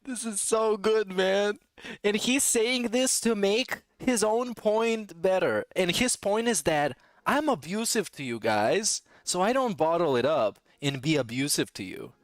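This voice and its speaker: Mocking, animated male podcast host. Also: high-pitched, a little slow, dry recording. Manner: mocking, profane, laughs often. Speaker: podcast host reacting to clips. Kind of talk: sarcastic commentary.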